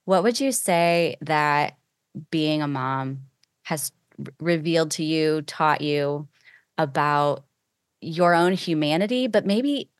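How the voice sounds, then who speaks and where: Low, smooth-voiced woman podcast host. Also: slow, no room sound, clean studio sound. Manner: reflective, thoughtful questions. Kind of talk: faith podcast interview.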